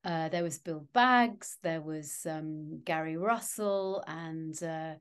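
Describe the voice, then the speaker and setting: Middle-aged woman, actress guest; chatty, self-mocking, lively anecdotes. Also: deep voice, slow, clear, resonant tone. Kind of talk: anecdotal interview chat.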